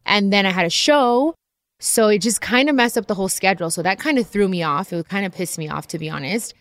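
A woman talks candidly to her podcast listeners, casual and direct, slipping into the voices of people she quotes. Her voice sits at a middle pitch for a woman. The sound is close and dry, with no room around it. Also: a little fast, fairly bright tone, no room sound. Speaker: podcast host. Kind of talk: casual personal storytelling.

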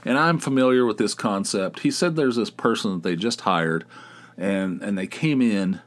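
A man's voice: fairly low pitch, normal speed. A middle-aged man hosting his own podcast, chatting casually in a rambling, wry way and swearing freely. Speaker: podcast host. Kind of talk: casual solo podcast chat.

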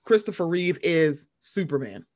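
A woman co-hosting a podcast in casual chat, animated and profane, swinging quickly in pitch and volume. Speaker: podcast co-host.

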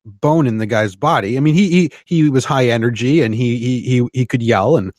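A man's voice: medium pitch, moderate pace, a little mellow, no room sound, studio quality. A man co-hosting a podcast in casual chat, often restarting and repeating words. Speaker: podcast co-host.

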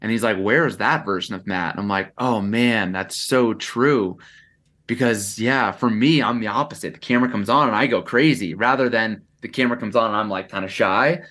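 A man's voice: lowish voice, moderate pace, pushed and bright. A young adult man as a podcast guest, chatting casually in a reflective way, with frequent fillers and restarts. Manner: reflective, talks in bursts with lots of "like" and restarts. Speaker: podcast guest, content creator.

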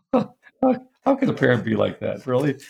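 An older man with a gravelly, fry-edged voice speaks as an interview guest. He tells a family story in an animated, self-mocking way, breaking into laughter and reading old letters aloud in a mid-range voice. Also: medium pitch, moderate pace.

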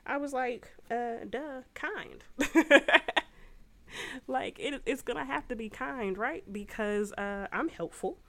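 A woman's voice: on the high side, takes it slowly, a bit bright. A young adult woman hosting a faith podcast for moms, telling a personal story in a chatty, slangy way. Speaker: podcast host. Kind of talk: casual faith talk.

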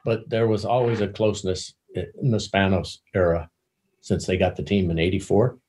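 An older man telling anecdotes as an interview guest, halting and repeating words as he searches for them. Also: low voice, steady tone, a little mellow. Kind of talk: casual anecdotal storytelling.

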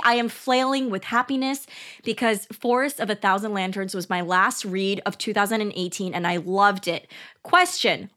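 A woman's voice: mid-range voice, a bit bright. A woman podcast host reading listener questions aloud and reacting in a bubbly, gushing way. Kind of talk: casual interview conversation.

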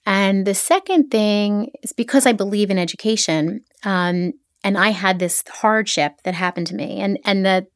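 A middle-aged woman from the Philadelphia area, a podcast guest, chatting casually and telling stories with quick asides. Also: mid-range voice, no echo, studio quality. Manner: animated storyteller, quick asides. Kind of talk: casual interview chat.

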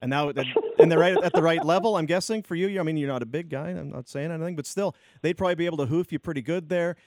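A man's voice: fairly high pitch, fast talker, crowd noise. A man co-hosting a radio show, teasing and joking in casual banter. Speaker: radio co-host.

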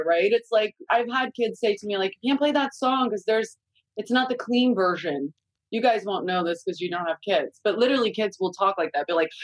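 Woman guest, candid and chatty, mid pitch, dry close mic. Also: no room sound, rough recording. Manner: candid and chatty, swears freely, many "like" fillers. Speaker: guest, a mother of young kids. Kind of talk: casual podcast chat.

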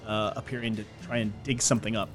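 A man's voice: fairly low pitch, flat delivery, over loud music. Casual man running a tabletop game. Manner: casual, halting narration with fillers. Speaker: game master.

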